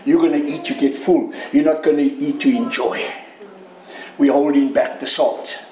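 A man preaching a sermon as pastor, lively and playful, sometimes mimicking a shouting voice. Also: on the high side, moderate pace. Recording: echoey room.

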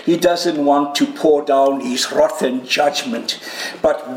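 Male preacher, high voice, unhurried delivery, bursts of loud emotion, echoey church hall. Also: a little hiss or hum. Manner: animated, cries out quoted prayers loudly; jokes with the congregation and home viewers. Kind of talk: sermon. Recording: roomy hall with faint ambience.

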